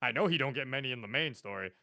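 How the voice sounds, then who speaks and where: A man's voice: medium pitch, lively intonation, racing, sharp tone, dry recording, studio quality. A young man streaming a video game live, chatting casually, laughing often and swearing now and then.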